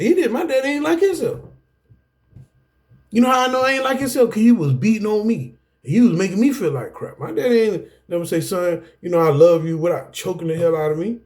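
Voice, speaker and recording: Animated high-voiced man giving testimony. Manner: animated, preacherly, repeats "guess what" and "y'all". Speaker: anger management class speaker. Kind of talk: personal testimony lecture.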